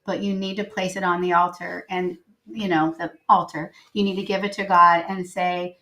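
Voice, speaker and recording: This middle-aged woman, a guest on a podcast, shares personal stories in a relaxed, lively interview style and performs the dialogue. She speaks at a moderate pace in a lowish voice.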